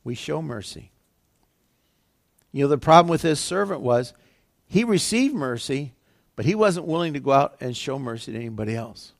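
A man's voice: mid-range voice, lively intonation, normal speed, gravelly, long pauses, no echo, studio quality. A male pastor preaching a sermon, retelling scripture in a conversational, everyday way.

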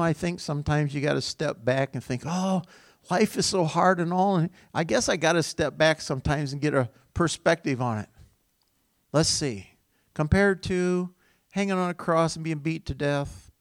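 A man's voice: a little high, vocal fry, no echo, studio quality. A middle-aged man, a pastor, giving an informal sermon in a conversational, rambling storytelling way with small chuckles.

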